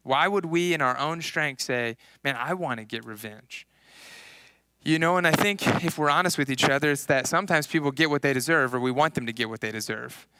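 A man in his thirties preaching a casual sermon, telling personal stories in an animated way and acting out what people said. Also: a little high, fast talker, few pauses, clean tone. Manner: casual, animated storytelling with acted-out quotes. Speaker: pastor.

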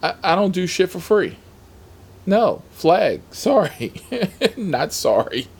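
A man telling rideshare driving stories in a sassy, profane, emphatic voice. His pitch swings widely while his pace stays slow and deliberate. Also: very animated, breathy edge. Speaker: rideshare driver. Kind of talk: casual storytelling vlog.

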